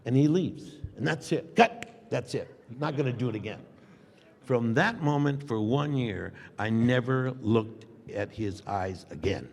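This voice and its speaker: An older man telling an animated anecdote on a convention panel, acting out dialogue and laughing often. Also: medium pitch, a little slow, vocal fry. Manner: acts out dialogue with shifting voices, laughs often. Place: large convention hall. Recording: long hall reverb.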